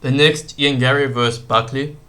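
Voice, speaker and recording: A man's voice: medium pitch, fairly even intonation, moderate pace, pushed and bright. A young man giving casual commentary as a YouTube host, rambling with fillers and slang.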